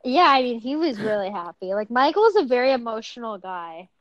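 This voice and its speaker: Soft-spoken young woman on dull audio. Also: a little high, very animated, brisk, dry recording. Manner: soft-spoken, trailing off, lots of "like". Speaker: podcast co-host. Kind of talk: casual chat.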